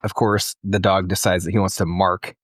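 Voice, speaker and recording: A man's voice: deep voice, flat delivery, moderate pace, dry recording, studio quality. A man co-hosting a casual comedy podcast, telling an exasperated story with plenty of swearing. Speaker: podcast co-host.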